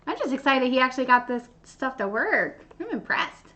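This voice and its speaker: A bubbly young woman chats her way through a live baking demonstration, her voice high and bright. The sound is dull and lo-fi, like stream audio from a home kitchen. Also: very animated, moderate pace. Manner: chatty and bubbly, talks to viewers. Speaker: baking show host.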